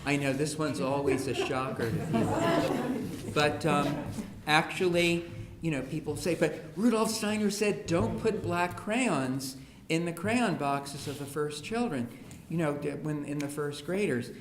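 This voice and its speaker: A man's voice: fairly high pitch, measured pace. A man giving a humorous talk on education to an audience, acting out the voices of parents and children as he tells stories. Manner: humorous storyteller, acts out quoted children and parents. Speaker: speaker on education. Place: school hall. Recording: echoey room with faint hiss.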